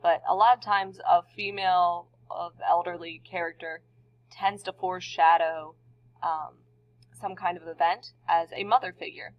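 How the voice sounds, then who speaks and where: A woman's voice: fairly low pitch, steady tone, normal speed. Conversational woman teacher, lo-fi recording. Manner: conversational, with fillers and questions to the class. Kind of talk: recorded lesson for students. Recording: dull lo-fi recording.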